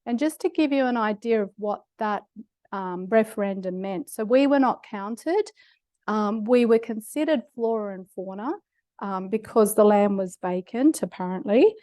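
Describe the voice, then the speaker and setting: A woman's voice: mid-range voice, normal speed, warm tone, dry recording. Middle-aged Australian woman lecturer, wry storyteller, dry close mic. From Australia (Queensland). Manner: humorous, self-deprecating storytelling with laughs. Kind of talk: public lecture with personal stories. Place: lecture hall.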